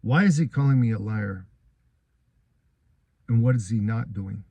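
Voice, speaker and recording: A man's voice: lowish voice, measured pace, gravelly, warm tone, slightly rough, no echo, lo-fi sound. A man giving a first-person account of his court case, earnest and aggrieved, telling what happened step by step.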